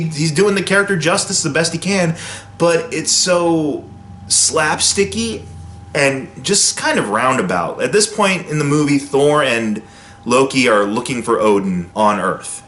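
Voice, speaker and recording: Opinionated man reviewing a film, roomy sound. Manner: opinionated, animated, pitch jumps for emphasis. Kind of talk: casual spoken movie review.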